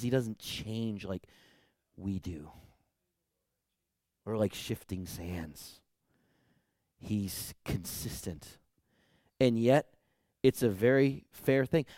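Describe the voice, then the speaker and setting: Male pastor, mid-pitched, dry close sound, dramatic preaching that swings soft to loud. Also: dry recording. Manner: animated preaching, swinging from hushed to loud pleading. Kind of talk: sermon.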